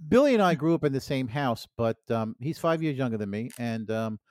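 A man's voice: mid-range voice, expressive, brisk, a little mellow, no echo, studio quality. A middle-aged man co-hosting a podcast, telling a childhood story in a rambling, casual way with restarts and laughs. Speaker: podcast co-host.

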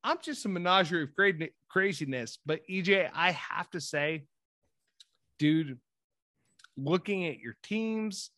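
A man co-hosting a casual sports podcast, animated and profane, jumping from mumbled asides to loud excited pitches. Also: unhurried, dry recording, studio quality. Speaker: podcast co-host.

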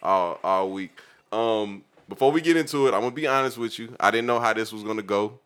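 A man's voice: fairly low pitch, fairly quick, fairly bright tone, clear, resonant tone. A man hosting a casual podcast, telling stories loosely and profanely with lots of fillers. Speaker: podcast host.

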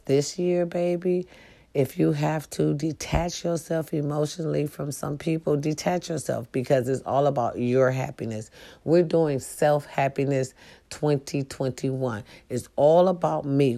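A middle-aged woman with a low, mellow voice and a gravelly rasp. She talks straight to her live-stream viewers, preachy and emphatic, and swears freely.

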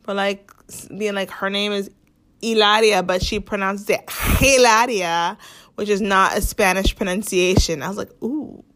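A woman's voice: mid-range voice, flat delivery, normal speed, hardly any pauses, a bit bright. A young woman hosting a casual commentary podcast, chatty and sarcastic, full of "like" and mock quotes of others. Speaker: podcast host.

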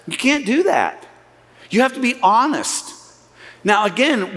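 A man preaching a sermon as pastor, animated and acting out the voices he quotes. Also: a little high. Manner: animated, acts out quoted voices, repeats words when restarting. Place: church hall. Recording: long hall reverb.

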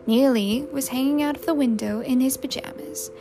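A woman reading a novel aloud in measured, unhurried narration. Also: high voice. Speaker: audiobook narrator. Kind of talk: scripted narration. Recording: loud music under the narration.

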